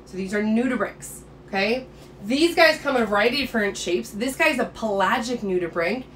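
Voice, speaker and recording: A woman's voice: a little high, brisk, fairly bright tone, a little hiss or hum. A woman biology teacher giving a casual, enthusiastic and playful lecture.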